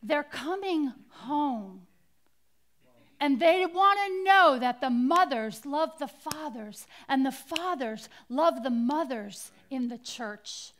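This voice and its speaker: High, bright-voiced woman preaching slowly. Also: animated. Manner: dramatic, drops to near-whispers for quoted words. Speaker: conference speaker. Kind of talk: inspirational Christian talk.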